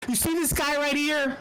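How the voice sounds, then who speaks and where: The meetup host's high voice has vocal fry and some brightness, captured poorly through a computer mic. Sounding tired, they ramble through a profanity-heavy comedic money rant, stumbling, restarting sentences, and mock-quoting.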